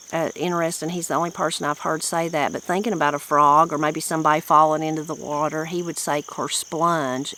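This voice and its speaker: A woman's voice: low voice, fairly bright tone, poor audio. A woman with a Southern Appalachian accent, a channel host chatting about a book in a folksy, rambling, reflective way. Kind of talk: casual book-discussion chat.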